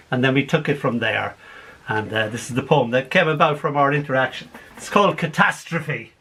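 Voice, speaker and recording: A man reading his poems aloud to a small group over a video call, in an animated way with frequent laughs. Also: a little high, fast. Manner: animated, laughs between lines. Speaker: poet. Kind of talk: poetry reading.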